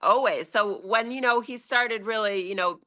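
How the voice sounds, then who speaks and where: A woman's voice: a little high, moderate pace, bright, forceful tone. A woman in a casual group chat on a video call, talking freely with fillers and laughter. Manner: chatty, frequent laughs and fillers. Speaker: meeting participant.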